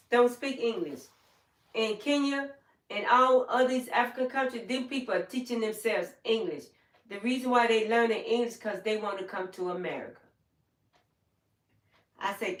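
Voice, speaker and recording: An older woman with a fairly high voice hosts a casual live stream from home, recorded at a distance in a roomy-sounding space. She rambles through stories, acting out what people told her.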